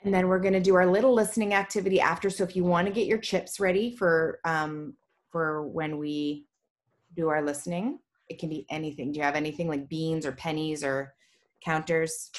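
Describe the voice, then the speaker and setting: Low-voiced and a little fast, with fairly even intonation, this young woman teaches reading over a video call. Her informal online class talk is upbeat, chatty and encouraging.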